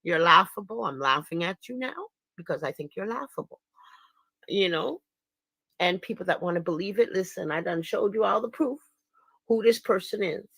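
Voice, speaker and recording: A woman's voice: fairly low pitch, animated, moderate pace, creaky, a bit bright, slightly rough, no room sound. Indignant woman speaking out, dry close mic. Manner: indignant and emphatic, laughing scornfully. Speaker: online commentator and activist. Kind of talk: casual livestream commentary.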